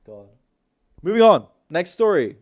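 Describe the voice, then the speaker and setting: A man putting on a brash old-timey New York guy, loud and brassy. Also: high voice, very animated, a little slow, voice pushed up, heavily acted.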